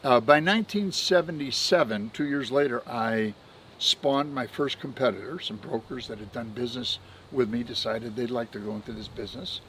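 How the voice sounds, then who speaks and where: A man's voice: medium pitch, normal speed, fairly bright tone, slight background noise, poor audio. Older guy in his 70s telling old business stories on a podcast, folksy, chuckles a lot. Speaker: podcast guest, benefits administrator. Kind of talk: anecdotal storytelling.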